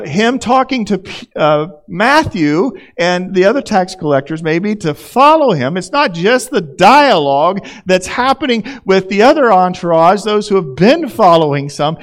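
A man, a pastor, preaching a conversational sermon and acting out the scenes he tells. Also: high-pitched.

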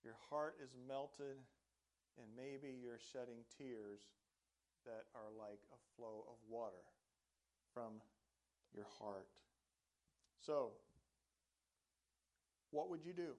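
A man's voice: mid-range voice, takes it slowly, long pauses, a little mellow. A man preaching a sermon in an earnest way, often turning to ask the congregation questions. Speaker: pastor.

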